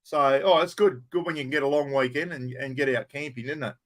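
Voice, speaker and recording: A man's voice: mid-range voice, steady tone, brisk, fairly bright tone. Chatty Australian man greeting viewers. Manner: chatty, greets viewers by name, swears casually. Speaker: livestream host. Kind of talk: casual live chat. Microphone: plugged-in microphone.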